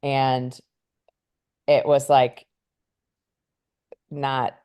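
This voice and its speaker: Woman podcast co-host, deep voice, casual and rambling. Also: little pitch movement, very slow, mellow, clear, resonant tone. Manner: chatty, goes on tangents; camera shy. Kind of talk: casual chat.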